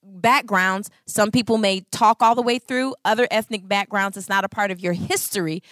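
A woman in her thirties giving a Christian talk on marriage, expressive and full of acted-out voices. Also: mid-range voice, moderate pace, no room sound, studio quality. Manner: expressive, acts out voices, laughs. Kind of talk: animated storytelling talk.

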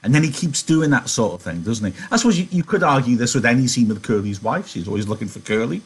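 A man's voice: medium pitch, lively intonation, quick pace, husky, poor audio. A man teaching literature, reading aloud and analysing a novel in a conversational way, with rhetorical questions.

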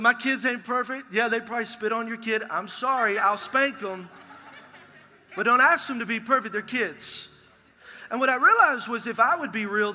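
A middle-aged male pastor, preaching a lively, joking sermon in a large church. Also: high-pitched. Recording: long hall reverb from a live sanctuary.

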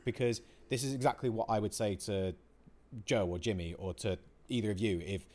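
A man's voice: fairly low pitch, normal speed, darkish tone. A man co-hosting a casual podcast chat, swearing freely and acting out his own outbursts as he talks. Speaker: podcast co-host.

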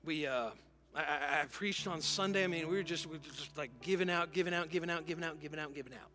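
A man's voice: on the high side, fast talker. A middle-aged male pastor preaching a sermon in an earnest way, often repeating words and restarting. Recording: music playing softly behind.

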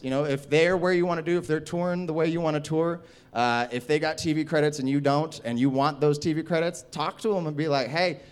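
A young adult man, a stand-up comedian, telling a story in an interview, profane and animated, acting out other people's voices. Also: fairly high pitch, clear, resonant tone.

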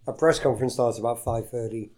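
A man of ordinary, mid-range pitch chatting on a podcast recorded in a bar. He talks bluntly and holds firm opinions, in a loose, conversational way. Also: fast, darkish tone. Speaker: podcast co-host, bar's director of football. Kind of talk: casual chat. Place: bar in San Diego.

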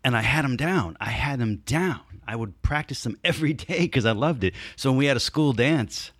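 Animated storytelling man in his fifties. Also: medium pitch, moderate pace, no echo, clean studio sound. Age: 50s. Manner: animated, acts out scenes with sound effects and voices. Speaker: podcast guest. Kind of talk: casual storytelling.

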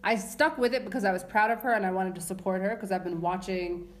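Teasing, quick-witted woman co-host. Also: mid-range voice. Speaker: podcast co-host. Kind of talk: casual chat.

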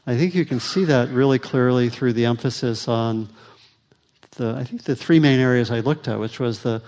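A man teaches Buddhist practice and answers questions from the audience. He talks in a reflective, halting way, full of pauses and fillers. His voice carries a long reverb from a big hall. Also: mid-range voice, darkish tone. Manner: thoughtful, halting, many fillers. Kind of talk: dharma talk Q&A.

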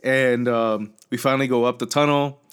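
Brief: guy, mid-pitched, loose rambling storyteller with lots of "like" and restarts. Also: fairly even intonation, normal speed, smooth. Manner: rambling storyteller, acts out quotes, many fillers and restarts. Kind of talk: casual chat.

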